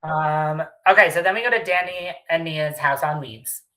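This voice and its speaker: A woman co-hosting a casual podcast, recapping a reality show bluntly, swearing freely and tossing in animated asides. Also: sits low, moderate pace, rough recording. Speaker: podcast co-host.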